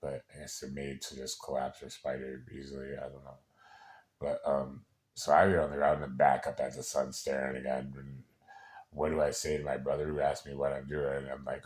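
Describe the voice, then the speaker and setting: A man's voice: extremely low pitch, little pitch movement. A man in a casual personal monologue who rambles, swears freely and keeps restarting his sentences. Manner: rambling and profane, with many halting restarts.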